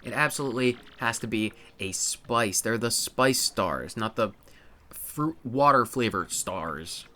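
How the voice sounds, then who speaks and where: A man's voice: mid-range voice, lively intonation, bright, forceful tone. A man giving casual, playful commentary over a video game playthrough. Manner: playful, chatty, quick asides. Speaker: let's-play commentator.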